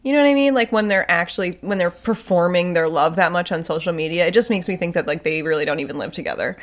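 A woman's voice: lowish voice, quick pace. A young woman co-hosting a casual podcast chat, easygoing and wry, often chiming in with agreement. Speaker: podcast co-host.

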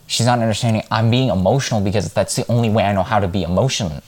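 A man's voice: fairly low pitch, racing, darkish tone. A man vlogging in a casual monologue, talking in a frank, rambling and heated way.

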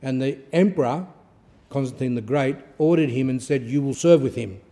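Guy preaching a fired-up sermon, mellow dark voice, goes loud then drops quiet, repeats stuff for emphasis. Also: mid-range voice, moderate pace. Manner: fervent, storytelling, repeats for emphasis.

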